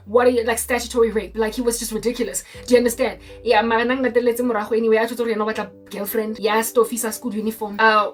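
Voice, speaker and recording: A young South African woman telling a personal story in a casual monologue, mixing English with Sesotho and often asking "do you understand?". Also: on the high side. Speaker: Christian YouTuber. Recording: distant mic with faint music behind.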